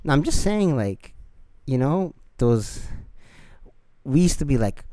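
Hawaii guy on a podcast, chill and swearing, lively up and down voice. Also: mid-range voice, takes it slowly, dry recording. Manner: relaxed, profane, joking. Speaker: podcast co-host. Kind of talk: casual chat.

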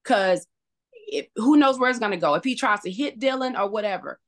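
A woman guest on a podcast, telling a painful personal story in an emotional, halting way, full of restarts. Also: mid-range voice, lively intonation.

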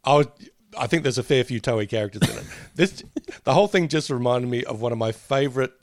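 A man's voice: medium pitch, quick pace, no echo, clean studio sound. A man co-hosting a podcast, chatting casually, laughing often and telling rambling anecdotes. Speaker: podcast co-host. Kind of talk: casual chat.

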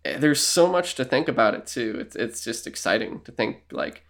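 A man co-hosting a casual podcast, rambling and animated, acting out little quoted exchanges as he talks. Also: mid-range voice, moderate pace. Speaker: podcast co-host. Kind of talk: casual chat.

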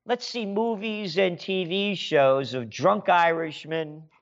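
A man's voice: sits high, takes it slowly, muffled recording. An American man and author ranting sarcastically in a monologue, firing off rhetorical questions in a heated tone. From United States.

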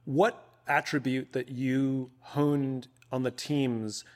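A man co-hosting a podcast with a voice of ordinary pitch. He asks his question slowly and with care. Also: little pitch movement, darkish tone. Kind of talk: asking an interview question.

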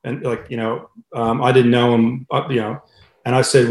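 A man's voice: mid-range voice, little pitch movement, moderate pace, roomy sound. A middle-aged Australian man, a swimming coach being interviewed, who chats casually and tells stories with many fillers and restarts. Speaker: head swimming coach, guest.

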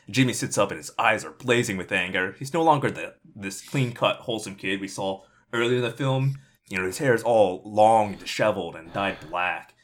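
A man casually narrating a comic movie pitch, rambling with lots of fillers. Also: fairly quick, fairly bright tone. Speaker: podcast co-host pitching a movie. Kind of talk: casual comedic storytelling.

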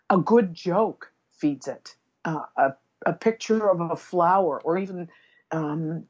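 A woman guest, an aromatherapist, speaking gently and earnestly in casual conversation. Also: on the low side, lo-fi sound.

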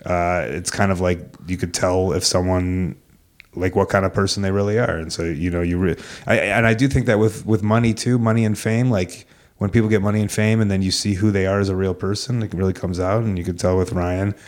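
A man with a somewhat low voice, chatting on a casual podcast. He reflects out loud with a wry edge, pausing on "uh" and restarting his sentences. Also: steady tone.

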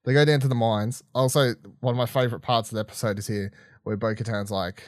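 A man's voice: mid-range voice, steady tone, quick pace, no room sound, studio quality. A man co-hosting a podcast, reviewing an episode in casual chat, exasperated, swearing and laughing often. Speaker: podcast co-host.

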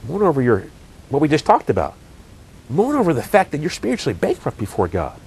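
A man's voice: a little high, huge pitch swings, fairly quick, a little mellow, husky. A man preaching a sermon, earnest and direct, asking rhetorical questions and building emphasis.

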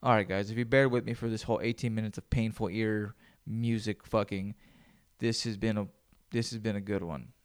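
A man's voice: lowish voice, fairly even intonation, brisk, clean tone. Male solo podcast host, casual, swears constantly, rambles. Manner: profane, rambling, loose.

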